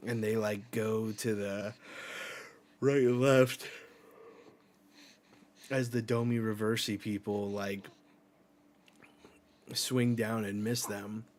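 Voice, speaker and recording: A man's voice: lowish voice, fairly even intonation, slow pace, pauses often, darkish tone, a little hiss or hum. A man hosting a live reading reaction, casually retelling a manga chapter panel by panel and reading the characters' lines aloud, with the odd swear.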